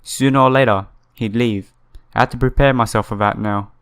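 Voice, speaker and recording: A man's voice: mid-range voice, fairly even intonation, fairly quick, a bit bright, clear, resonant tone, lightly acted. A man reading a visual novel's lines for an earnest, lonely young woman who trains as an idol, in his own plain voice without a girl voice. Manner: plain read-aloud delivery in his own voice.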